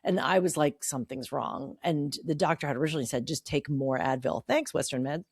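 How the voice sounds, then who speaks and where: A woman's voice: sits low, a little fast, breathy edge, no echo, clean studio sound. A woman in her forties, a podcast co-host, telling a story in candid casual chat, swearing freely and acting out what people said. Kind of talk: casual chat among sisters.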